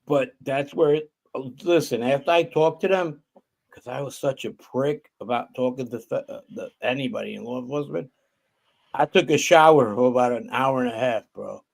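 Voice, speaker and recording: New guy on a video call, swears a lot, does everyone's voices in his story, middle pitch. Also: normal speed, gravelly. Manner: profane, acts out other people's lines. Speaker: guest. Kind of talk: casual storytelling.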